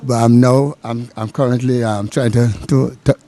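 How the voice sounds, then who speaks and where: A male math teacher chatting about his lunch breaks at the restaurant. His voice is mellow and dark, he speaks at a middle pitch, and his answers ramble along in a relaxed way. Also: moderate pace.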